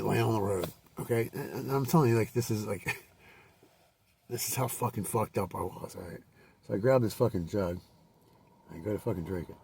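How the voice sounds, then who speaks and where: A man's voice: fairly low pitch, creaky, a little mellow, breathy edge, far from the mic. A man telling a rambling, profanity-filled personal story with many fillers and restarts.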